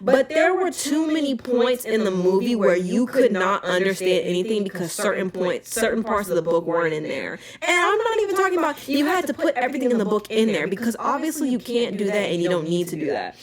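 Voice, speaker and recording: A young woman hosting a podcast, talking casually in an emphatic, animated rant. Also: mid-range voice, brisk, few pauses, over a noisy crowd. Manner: animated, emphatic ranting with frequent "okay?" asides. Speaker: podcast host. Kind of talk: casual chat.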